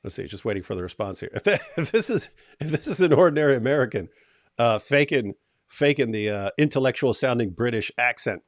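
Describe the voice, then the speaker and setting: Animated and fairly quick, a man with a mid-range voice hosts a casual livestream where he thinks aloud, reads viewers' comments from chat, and offers feedback on a video. The audio is studio quality with no echo.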